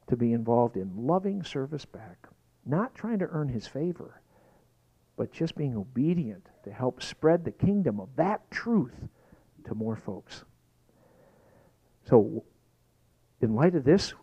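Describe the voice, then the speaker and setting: A man preaching a sermon, emphatic, sometimes rising to shouts. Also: mid-range voice, slightly rough, lo-fi sound. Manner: lively, emphatic preaching that rises to shouted exclamations. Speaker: pastor.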